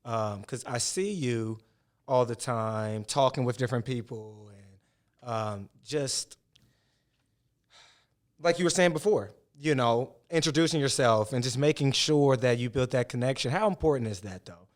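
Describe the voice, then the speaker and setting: A man's voice: mid-range voice, unhurried. A man hosting a podcast interview, a coach, asking long rambling questions and laughing along. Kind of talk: casual interview.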